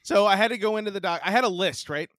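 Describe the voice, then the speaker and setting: A man's voice: high-pitched, fast, a bit bright, no room sound. A man in his forties and a podcast co-host, chatting casually, telling a profane story and acting out the voices of the people in it. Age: 40s. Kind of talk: casual chat.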